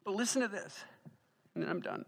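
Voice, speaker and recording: A man preaching as the pastor of a church, emotional and tearful, building to loud, fervent delivery. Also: high-pitched, animated, fairly quick, gravelly. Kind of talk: sermon. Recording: long church hall reverb.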